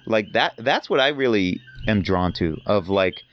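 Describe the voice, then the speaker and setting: A man's voice: lowish voice, lively intonation, a little slow, highs cut off. A man talking as a podcast guest in casual conversation, telling rambling, enthusiastic stories.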